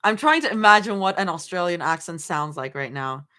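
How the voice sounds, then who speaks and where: A woman's voice: lowish voice, animated, brisk, pushed and bright. A young woman reading fanfiction aloud on a livestream, often breaking into giggles and chatting with viewers. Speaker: fanfiction reader and streamer. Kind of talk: live reading with reactions.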